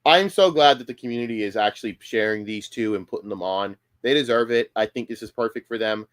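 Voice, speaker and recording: A man's voice: fairly low pitch, fairly quick, a bit bright. A man reacting on a live stream, heated and profane, often stammering and restarting his sentences. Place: home streaming room.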